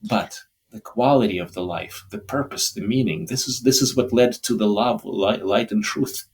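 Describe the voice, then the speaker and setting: A man's voice: on the low side, moderate pace, darkish tone. A middle-aged man, a holistic doctor guesting on a podcast, talking in a reflective, emotional way with frequent restarts. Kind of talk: candid interview talk.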